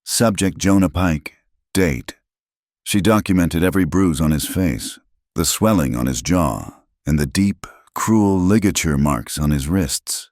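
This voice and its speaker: A man narrates a scripted story in a steady, measured way. His voice is exceptionally deep. The recording is close and dry, with no room sound. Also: no room sound.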